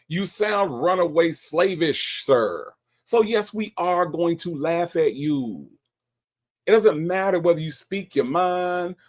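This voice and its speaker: A man's voice: on the high side, vocal fry. A man hosting a show, teasing and ribbing a caller in casual commentary. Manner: teasing, repetitive, animated. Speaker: show host. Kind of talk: casual commentary on a call recording.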